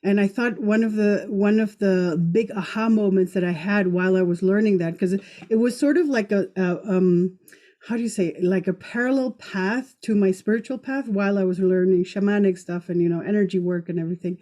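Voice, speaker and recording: Woman podcast host, mellow dark voice, rambling with restarts. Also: mid-range voice, fairly quick. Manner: warm and rambling, hesitant restarts. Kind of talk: casual podcast conversation.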